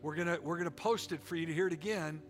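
A man's voice: fairly high pitch, fast talker, faint music behind. A middle-aged man preaching a sermon with a folksy, joking and emphatic delivery. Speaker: pastor.

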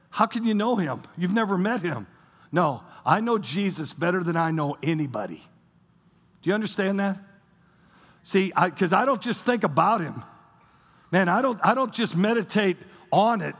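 A man's voice: high-pitched, a bit bright, breathy edge. A male pastor preaching a sermon to a church audience, impassioned and emphatic, repeating words as he drives his points home. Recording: long hall reverb with music behind.

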